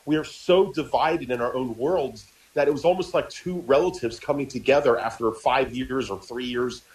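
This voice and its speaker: A man's voice: medium pitch, normal speed, poor audio. A man co-hosting a political talk radio show, arguing his point in casual talk while stammering and repeating words.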